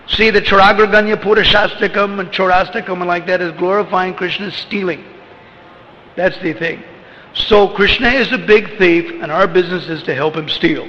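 A man's voice: sits high, pushed and bright. A man giving an informal religious talk as a spiritual teacher, rambling and conversational, with lots of "you know" and chuckles. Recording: echoey hall, dull lo-fi with faint noise.

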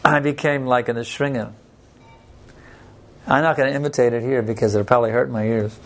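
A man teaching a devotional scripture class in an unhurried, plain-spoken way, telling personal stories. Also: mid-range voice, fairly even intonation, fairly bright tone, a little hiss or hum.

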